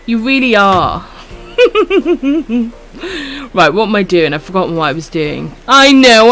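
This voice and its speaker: A woman's voice: mid-range voice, sing-song, slow pace, pauses often, fairly bright tone. A woman with a Welsh accent chatting casually on a live stream while gaming, swearing freely and calling viewers love and sweetheart. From Wales.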